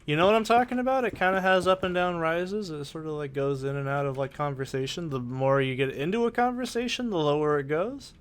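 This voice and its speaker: A let's play host with a Southern Oregon, Pacific Northwest accent narrates his gameplay in a rambling, profane, opinionated way, speaking a little fast and a little high with hardly any pauses and a clean tone. He records on a desk condenser mic with a pop filter in a soundproofed corner of his home.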